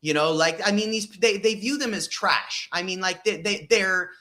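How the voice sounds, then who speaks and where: A man's voice: high voice, moderate pace, bright, forceful tone. A man in casual podcast discussion, talking emphatically with frequent fillers and blunt profanity.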